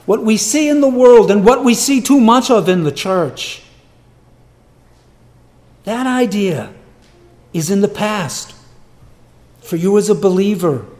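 This preacher alternates booming, emphatic statements with hushed, low-voiced asides, and slips into quick impressions of bragging voices as he quotes them during his sermon.

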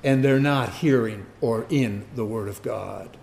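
A man preaching a sermon, firing rhetorical questions and swinging from loud emphasis to quiet asides. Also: medium pitch, unhurried, gravelly, slight background noise.

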